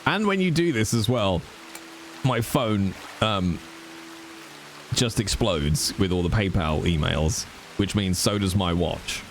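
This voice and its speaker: A man's voice: on the low side, animated, takes it slowly, slight background noise. A male livestreamer chatting casually with his viewers in a teasing, mock-exasperated way. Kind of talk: casual chat with stream viewers.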